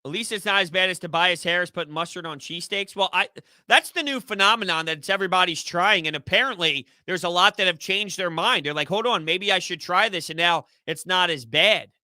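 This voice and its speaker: A man's voice: high-pitched, a little fast, pushed and bright, no room sound, studio quality. A young man hosts a sports live stream, chatting loosely and reading viewer comments with easy laughs. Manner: chatty, rambling, laughs easily. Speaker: sports YouTube host.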